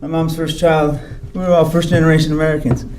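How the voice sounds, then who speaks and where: A man's voice: on the high side, little pitch movement, fast talker, noisy background. Wry man telling his story in an echoey hall. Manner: candid, wry storytelling with quoted dialogue. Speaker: physician speaker. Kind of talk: grand rounds talk. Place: hospital lecture hall.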